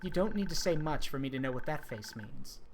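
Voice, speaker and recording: A streamer reading the lines of a kind, gentle male tavern regular aloud during a game, in a calm, soft-spoken way. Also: mid-range voice, a little fast, slight background noise, natural voice. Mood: caring.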